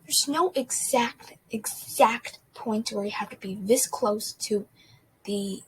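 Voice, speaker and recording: A woman teaching an English lesson in a chatty way, often soft and whispery, with small restarts. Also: a little high, slow, slight background noise, low-quality recording. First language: not English. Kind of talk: casual lesson, partly whispered.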